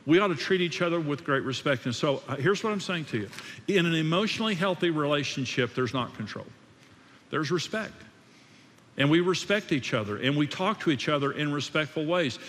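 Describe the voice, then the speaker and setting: A man's voice: on the high side, lively intonation, a little fast, fairly bright tone, long reverb tail. A man preaching a sermon in an emphatic, repetitive way, often restarting his sentences. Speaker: pastor.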